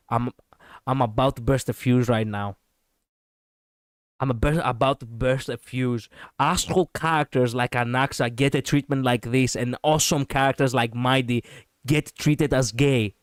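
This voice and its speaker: A man streaming a game, commenting casually in an excitable, profane, ranting way on a close mic. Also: mid-range voice, no echo.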